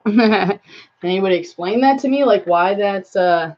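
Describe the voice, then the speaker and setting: A woman's voice: mid-range voice, measured pace, a little mellow. Rambling woman live-streaming on lo-fi audio. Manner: rambling, filler-heavy, talks to viewers and her cat. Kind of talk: casual live stream chat. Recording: slightly dull lo-fi stream audio.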